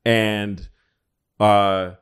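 A man's voice: fairly low pitch, level tone, drawn-out words, clear, resonant tone. A man telling history stories in a rambling, profane, casual way as a podcast co-host. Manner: rambling, profane, acts out quotes.

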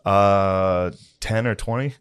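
A man's voice: lowish voice, takes it slowly, clear, resonant tone. A young man chatting casually on a podcast, telling crude, joking stories. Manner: crude, joking, animated storytelling with frequent laughs. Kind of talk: casual comedic chat.

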